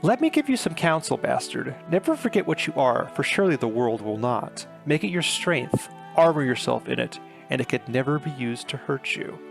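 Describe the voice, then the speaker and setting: A man quoting a sardonic worldly dwarf lord, gravelly. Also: mid-range voice, very animated, normal speed, few pauses, faint music behind. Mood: wry counsel. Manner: casual paraphrased quoting.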